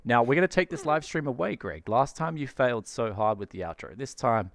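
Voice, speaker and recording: A man's voice: medium pitch, expressive, brisk, a bit bright, no room sound, clean studio sound. Upbeat slangy male tech host. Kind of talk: casual live-stream chat.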